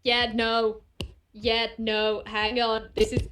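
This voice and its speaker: A woman narrating her character in a tabletop actual play, animated and swearing freely. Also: on the high side, takes it slowly, noisy background. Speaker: player in a tabletop game.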